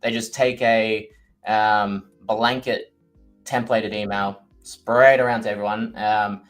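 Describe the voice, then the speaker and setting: A man's voice: lowish voice, level tone, slow pace, faint music behind. A man in casual podcast conversation who speaks hesitantly with frequent fillers and agrees along.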